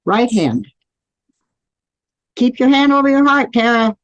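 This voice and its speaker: An energy healing teacher leads a live online class, guiding listeners through spoken affirmations. Her voice is on the high side, animated and unhurried, captured by a computer mic on a live video stream with no echo and the highs cut off.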